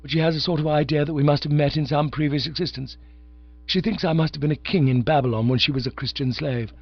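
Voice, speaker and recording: A man voicing a bumbling, lovesick young English gentleman who gushes and pleads, in a dull, dry recording. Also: on the high side, quick pace, pitched above the performer's own voice. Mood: eager pleading. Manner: gushing, pleading.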